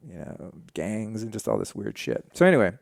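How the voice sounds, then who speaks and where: Gravelly, candid man telling his story. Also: on the low side, a little fast, dry recording, clean studio sound. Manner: candid, profane, animated retelling. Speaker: podcast guest. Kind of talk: casual storytelling.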